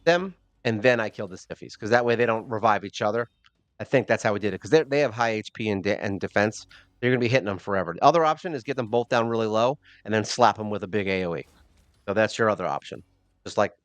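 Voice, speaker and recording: Male gaming host, lowish voice, dry close sound, rambling joking commentary. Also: dry recording. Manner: rambling, self-deprecating, joking asides. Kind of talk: casual game commentary.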